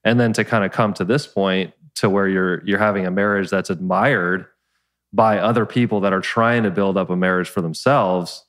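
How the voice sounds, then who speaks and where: A man's voice: deep voice, fairly even intonation, moderate pace, fairly bright tone. A man hosting a podcast, asking his mother long, searching questions with many restarts. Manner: thoughtful, rambling questions with restarts. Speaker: podcast host. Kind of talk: interview questions.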